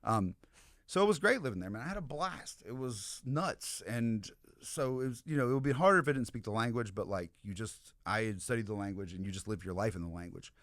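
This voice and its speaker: Fast-talking low-voiced man. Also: animated, a bit bright, no room sound, studio quality. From American South. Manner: rambling, lots of "like" and "you know". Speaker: podcast guest, comedian and history professor. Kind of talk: casual podcast storytelling.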